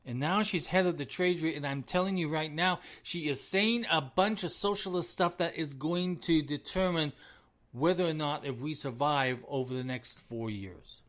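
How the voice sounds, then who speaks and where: A man's voice: a little high, normal speed, fairly bright tone. A middle-aged man hosting his own podcast, delivering an emphatic, repetitive opinion rant with frequent chuckles. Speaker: podcast host.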